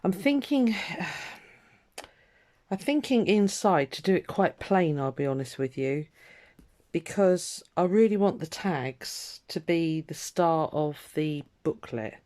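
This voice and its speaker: A woman's voice: lowish voice, lively intonation, slow, darkish tone. A woman vlogging her crafting in casual, rambling chat, trailing off and restarting her thoughts with lots of ums. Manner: rambling, chatty, self-interrupting with ums.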